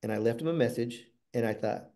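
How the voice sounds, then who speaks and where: A middle-aged man giving a motivational storytelling talk, animated and swinging from loud bursts to hushed asides. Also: mid-range voice, quick pace, creaky. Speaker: motivational speaker.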